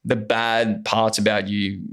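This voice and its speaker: A man's voice: lowish voice, little pitch movement, slow, a bit bright. A man, an actor speaking as a podcast guest, talking earnestly and openly in casual conversation with plenty of fillers. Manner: earnest and open, many fillers.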